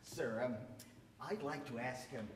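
A performer voicing a bashful young American ex-soldier with an American accent who giggles nervously. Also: male voice, mid-range voice, a little slow, echoey room, distant mic, slight background noise, close to an everyday voice.

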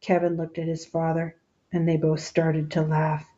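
A woman reading a children's picture book aloud, expressive and stopping to ask the children questions. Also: deep voice, normal speed, lo-fi sound.

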